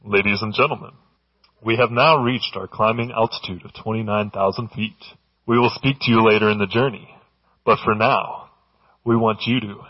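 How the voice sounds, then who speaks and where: A man preaching voices an airline pilot calmly announcing cruising altitude to passengers. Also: fairly low pitch, husky, highs cut off. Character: male airline pilot making a cabin announcement.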